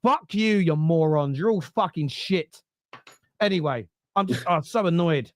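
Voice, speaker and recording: Brief: male podcast host, high voice, dry close mic, heated sweary fan rant. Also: measured pace, no room sound. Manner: exasperated, sweary, ranting.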